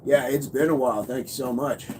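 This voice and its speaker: A man's voice: mid-range voice, fairly even intonation, a little fast. A man coaching fitness on a casual livestream, upbeat, reading and answering viewer comments. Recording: noisy background.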